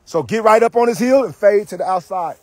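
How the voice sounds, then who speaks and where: A man coaching football drills outdoors, barking commands and teasing his players with loud, energetic trash talk. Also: high-pitched, brisk, a little hiss or hum.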